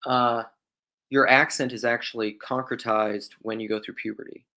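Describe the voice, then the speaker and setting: A man's voice: medium pitch, flat delivery, normal speed, sharp tone. A young man from Western South Dakota with a faint drawl, musing aloud in a rambling casual theological monologue, often restarting his sentences. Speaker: podcast host.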